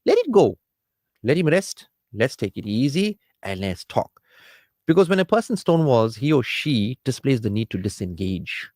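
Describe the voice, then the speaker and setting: A man hosting a radio counselling show, talking at a middle pitch. He lectures with animated swings and acts out quarrelling spouses. The studio sound is close and dry. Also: moderate pace, no echo. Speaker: marriage counsellor and radio host.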